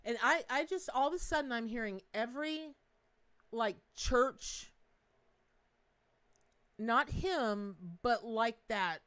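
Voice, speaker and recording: A woman's voice: on the high side, animated, moderate pace, hardly any pauses, a bit bright, clean tone. Bubbly middle-aged lady doing a live tarot reading, chatty and giggly, folksy asides. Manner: bubbly, laughing, Southern-flavored asides. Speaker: tarot reader hosting a live stream.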